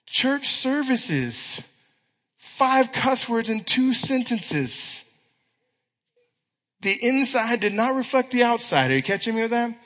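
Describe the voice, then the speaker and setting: Male youth preacher, high bright voice, lively storyteller, echoey church hall. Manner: animated storytelling with quick asides and acted quotes. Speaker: youth pastor. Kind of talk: sermon.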